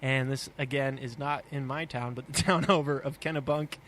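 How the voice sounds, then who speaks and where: A man's voice: medium pitch, fairly even intonation, moderate pace, fairly bright tone, a little hiss or hum. A man co-hosting a podcast, chatting casually and cheerfully, laughing now and then between filler words. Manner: upbeat, chuckles while talking, many uh fillers. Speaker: podcast co-host. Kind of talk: casual chat.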